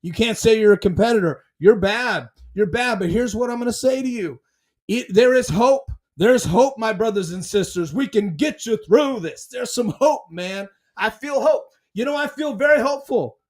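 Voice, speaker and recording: Male fan podcast host, very high voice; dramatic, excitable, repeats himself.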